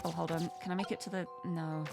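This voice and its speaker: A woman's voice: on the low side, level tone, fast, vocal fry, over loud music. A bubbly, giggly woman chatting casually while she plays a video game live. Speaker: streamer.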